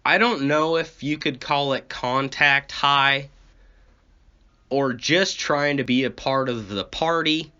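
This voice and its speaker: Casting note: a slow, profane rambling storyteller, a man, on a muffled lo-fi recording. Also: mid-range voice, pushed and bright, clear, resonant tone. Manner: profane, ranting, complaining. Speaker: comedy podcast host. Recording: dull lo-fi recording.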